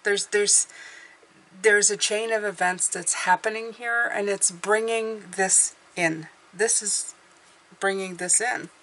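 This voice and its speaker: A woman's voice: medium pitch, steady tone, slow, sharp tone. A woman giving an intuitive tarot reading, speaking in a meandering, hesitant way as she thinks aloud. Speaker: tarot reader.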